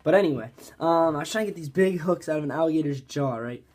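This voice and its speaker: A man's voice: fairly high pitch, fast talker, darkish tone, slight background noise. Rambling casual male fishing storyteller. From Pennsylvania. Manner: rambling, says "like" constantly. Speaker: fishing vlogger.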